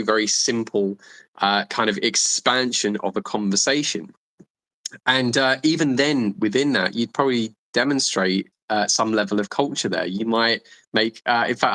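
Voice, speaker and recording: Rambling, animated male guest. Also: on the low side, low-quality recording. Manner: animated, rambling, many restarts and fillers. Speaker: dating and charisma coach guest. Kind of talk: casual podcast conversation.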